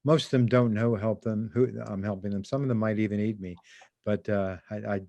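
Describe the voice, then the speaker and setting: An older man speaking as a guest in a conversation about animal rights over a video call. He talks haltingly and often repeats or restarts his words. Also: on the low side, steady tone, dark tone, dry recording, muffled recording. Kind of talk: casual conversation.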